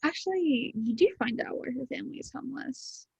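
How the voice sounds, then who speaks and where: A woman's voice: sits high, animated, brisk, gravelly, darkish tone, husky, dry recording. A teenage girl on a video call, talking casually about a book with classmates, with lots of fillers. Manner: chatty, many fillers. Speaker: student in book discussion. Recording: dull lo-fi video call audio.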